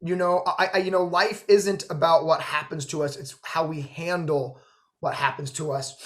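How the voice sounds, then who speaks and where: A man with a high voice hosts a video call interview. He gushes with praise, full of fillers and emphatic encouragement. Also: steady tone, normal speed, a bit bright. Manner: effusive, gushing, filler "like" and "girl". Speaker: host, notary trainer. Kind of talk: emotional interview chat.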